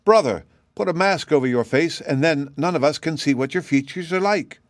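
A man's voice: mid-range voice, normal speed, no room sound, studio quality, natural voice. A man voicing an anxious, devoted grown man who is searching for his lost brother. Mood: joyful. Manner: anxious, pleading.

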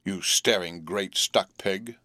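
A man reading an audiobook, voicing a sharp-tongued, harsh older sister who scolds sharply. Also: deep voice, slow, no room sound, studio quality, heavily acted. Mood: scolding. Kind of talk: audiobook character voice.

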